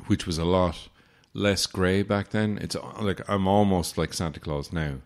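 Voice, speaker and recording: A man's voice: deep voice, measured pace. A man in his late twenties or thirties hosting a podcast, telling casual stories with a wry, sarcastic streak. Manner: wry, sarcastic anecdotes with mock-formal asides. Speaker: podcast host. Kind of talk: casual storytelling monologue.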